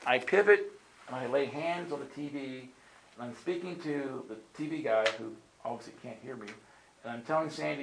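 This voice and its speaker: This is sermon storytelling: a man preaches and recounts his personal testimony conversationally, frequently checking in with "right?" and dramatically performing the quoted lines. His voice is medium in pitch and moderately paced, with a noisy background behind him.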